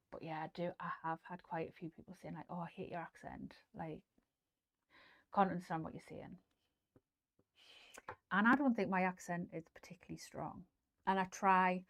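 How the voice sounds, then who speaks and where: A middle-aged woman chats through a sewing demonstration in a relaxed, rambling way. Her voice sits a little low, and she peppers her talk with ums and likes while answering viewers. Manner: chatty, rambling, full of ums and likes, reads out viewer comments. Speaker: host. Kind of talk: casual sewing livestream chat.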